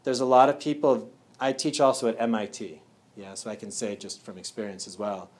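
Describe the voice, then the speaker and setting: A man's voice: fairly low pitch, level tone, brisk. A man speaking casually to a live audience at a wellness talk. He often checks in with "yeah?" and "right?".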